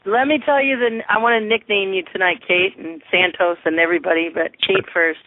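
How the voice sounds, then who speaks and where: An older man with grandchildren, chatting eagerly and warmly as a guest on a call-in radio show. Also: high-pitched, steady tone, a little fast, dry recording. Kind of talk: casual call-in radio chat. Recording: tinny phone-like online call audio.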